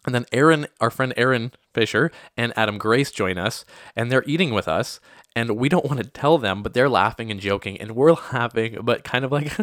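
A young adult man hosting a podcast, telling stories casually with lively acted-out quotes. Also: mid-range voice, brisk, no echo, clean studio sound. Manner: animated, lots of acted-out quotes and laughter. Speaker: podcast host. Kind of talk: casual storytelling monologue.

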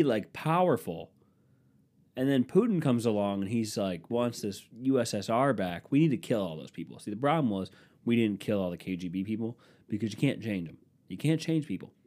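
A man with a stuffy nose doing a profane comedy rant at home, swinging between loud outbursts and low mutters. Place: room at home with a dehumidifier running.

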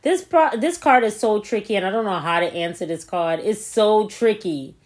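A woman's voice: medium pitch, expressive, moderate pace. A woman in casual chat, frank and playful, often laughing.

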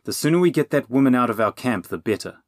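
A man's voice: medium pitch, animated, brisk, dry recording, studio quality, voice pushed up, lightly acted. A man voicing an impatient young male outlaw with a grating, demanding way of talking.

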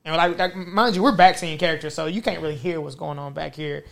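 A man telling a story in casual chat, animated and slangy, often laughing as he goes. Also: fairly high pitch, fast, creaky.

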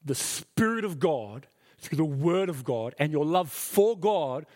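A man's voice: on the high side, animated, a little slow, a little mellow. A middle-aged man preaching a sermon as pastor, earnest and emphatic, repeating his key phrases. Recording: reverberant hall.

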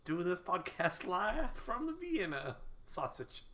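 A man's voice: high voice, very animated, slow pace, pushed and bright, a little hiss or hum. A man co-hosting a casual podcast, playfully arguing and spinning goofy hypotheticals. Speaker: podcast co-host. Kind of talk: casual joking chat.

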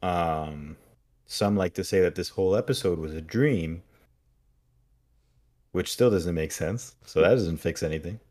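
A man's voice: low-pitched, a little slow, pauses often, darkish tone. A man co-hosting a podcast in casual chat, giving wry, critical commentary. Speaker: podcast co-host.

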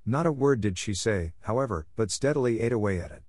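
A man narrating a classic storybook in a measured, steady reading. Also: fairly low pitch, no room sound, studio quality. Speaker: audiobook narrator.

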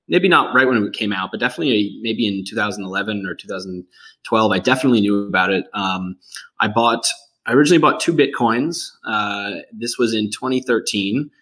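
A man speaking as a guest on a casual podcast interview, relaxed and chatty, joking, with frequent fillers. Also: fairly low pitch.

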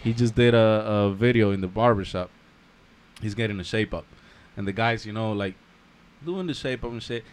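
A man in a casual chat telling a story and acting out shouts. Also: lowish voice, moderate pace.

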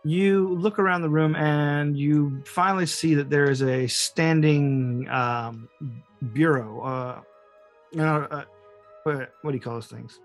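A man narrating as game master of a tabletop game, pausing often with fillers and restarts. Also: on the high side, soft background music. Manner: hesitant, many fillers and restarts.

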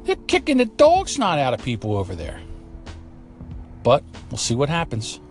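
A man's voice: medium pitch, huge pitch swings, normal speed, vocal fry, soft background music. A man hosting a talk show, delivering a blunt, profane, opinionated monologue with a ranting manner. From United States. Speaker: commentary show host.

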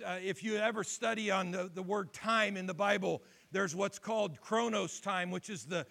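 A man preaching a sermon, telling a story with quoted dialogue and building to loud exhortations. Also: high voice, moderate pace, vocal fry, hardly any pauses. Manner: retells conversations in quoted voices, builds to shouted exhortation. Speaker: pastor.

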